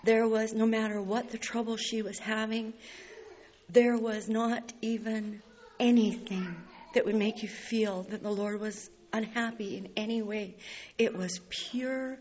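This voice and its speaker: A woman's voice: on the high side, steady tone, measured pace, darkish tone. Tearful woman sharing a testimony. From Canada. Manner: earnest, laughing through tears, heartfelt. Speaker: speaker sharing a personal testimony. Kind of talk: emotional personal storytelling. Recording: slightly dull recording with faint hiss.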